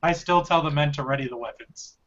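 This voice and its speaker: A man playing a tabletop game, with a bright, tense voice that turns commanding in character. It sits fairly high for a man, and the audio comes through a dull, lo-fi call. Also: a little fast, slight background noise. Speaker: player. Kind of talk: in-character role-play.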